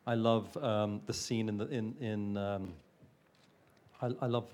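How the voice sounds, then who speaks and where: A man's voice: on the low side, steady tone, a little slow, a little mellow, a little hiss or hum. A man who works as a film producer, talking on a panel in a thoughtful, hesitant way with frequent restarts. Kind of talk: panel talk.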